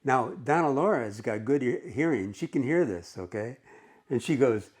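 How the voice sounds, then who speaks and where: A male English teacher talks his students through a short play in a loose, conversational manner. He keeps checking in with the class as he explains each exchange, in a voice of middling pitch. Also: expressive, moderate pace, a little mellow. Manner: conversational, with frequent "okay" checks. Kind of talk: explaining a story in a recorded lesson.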